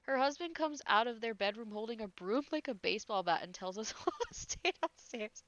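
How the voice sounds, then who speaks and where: A woman's voice: on the high side, expressive, fairly quick, few pauses, fairly bright tone, dry recording. Woman reading spooky stories and cracking up, kinda stuffy nose, dry muffled mic. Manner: breaks off into giggles and incredulous asides. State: slightly congested. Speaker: host reading and reacting to ghost stories. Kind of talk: reading stories aloud with laughing commentary.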